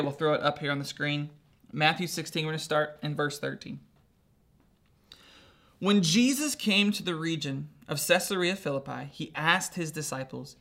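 A man's voice: a little high, a bit bright. A male pastor preaching a sermon in an informal, conversational teaching style.

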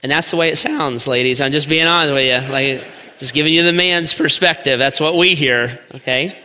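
Male pastor preaching, bright, forceful tone, long church reverb. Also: fairly high pitch. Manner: emphatic, slows for weight on key words. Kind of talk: sermon. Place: church sanctuary.

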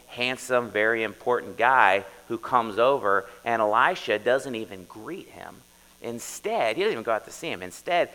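A man's voice: mid-range voice, creaky, bright, forceful tone, big-room sound, rough recording. A man preaching as a pastor, talking to the congregation in a conversational way, asking them questions and often adding "right?" as he goes through a Bible story. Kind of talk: sermon.

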